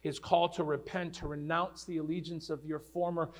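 Earnest male preacher, slightly high voice. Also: little pitch movement, normal speed. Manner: earnest preaching, rising to loud declamation on quoted commands. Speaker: pastor. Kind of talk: sermon.

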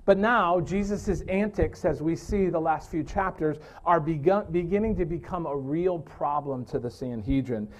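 Guy preaching a sermon, earnest, fairly high but mellow voice, fixes his words as he goes. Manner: earnest, explanatory, with restarts and self-corrections.

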